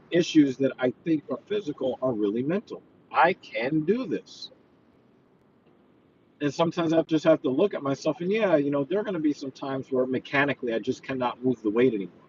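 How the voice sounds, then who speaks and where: A man's voice: mid-range voice, highs cut off, slight background noise. A man who works as a personal trainer, chatting casually while he drives, earnest and rambling with lots of fillers. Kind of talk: casual driving vlog, talking while he drives. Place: inside a car.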